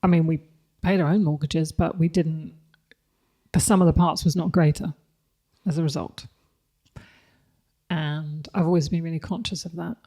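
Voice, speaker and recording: Woman being interviewed on a podcast, kinda low voice, candid and reflective, laughs a lot. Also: fairly even intonation, moderate pace, long pauses, warm tone. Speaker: guest, company CEO.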